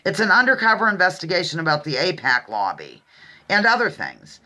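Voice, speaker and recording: A woman vlogger delivering a sarcastic, exasperated political rant straight to her viewers, repeatedly addressing them as ladies and gentlemen. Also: on the low side, wildly swooping pitch, fairly quick.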